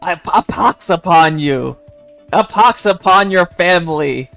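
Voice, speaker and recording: A man playing a scornful pure-blood wizard, theatrical, loud, with soft background music. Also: high voice, animated, unhurried, creaky, exaggerated voice. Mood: contemptuous. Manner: loud, sneering theatrical outburst.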